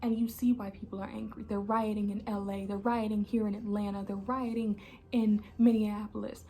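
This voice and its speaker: A young woman gives an impassioned personal monologue, angry and emphatic, repeating herself and often dropping to an intense hush. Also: mid-range voice, little pitch movement, normal speed, a little hiss or hum. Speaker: channel host.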